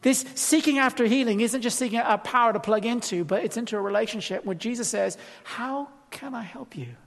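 A man preaching a sermon in a conversational way, full of rhetorical questions, moving from loud emphasis to hushed tones. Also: extremely high pitch, fast, gravelly. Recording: long hall reverb.

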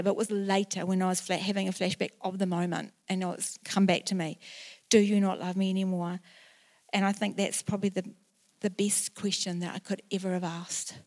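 A woman in her sixties with a New Zealand accent preaches in church. Her mid-pitched voice tells a personal story earnestly and climbs into loud, emotional outbursts. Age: 60s. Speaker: pastor. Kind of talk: sermon.

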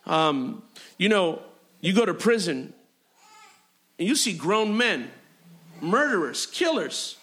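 A male pastor with a high, bright, ringing voice preaches to his congregation. He leans on repetition, stacking phrase after phrase and punctuating them with amens and hallelujahs. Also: very animated, takes it slowly, long pauses. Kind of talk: sermon. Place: church sanctuary.

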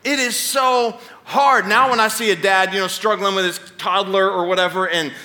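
A man's voice: high-pitched, fairly even intonation, normal speed, pushed and bright. A man in his thirties preaching a Sunday sermon in a church, telling stories with playful asides to the congregation. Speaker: pastor. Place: church stage before a congregation.

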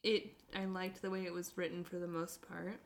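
A woman's voice: on the low side, little pitch movement, moderate pace. Woman in her thirties acting out quotes. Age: 30s. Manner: acts out quotes in funny voices. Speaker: book podcast co-host. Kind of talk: casual chat.

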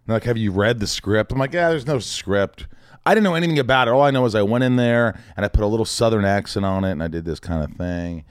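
This podcast guest, a middle-aged actor from Indiana, rattles off anecdotes fast in a relaxed chat, animatedly voicing the other characters himself. His pitch is fairly low and his tone clean, captured in a dry, clean studio recording.

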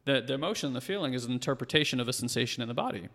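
Fast-talking man with a gravelly voice. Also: medium pitch, in a large hall. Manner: fast-talking, animated storytelling with lots of fillers. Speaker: podcast guest. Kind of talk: casual conversation.

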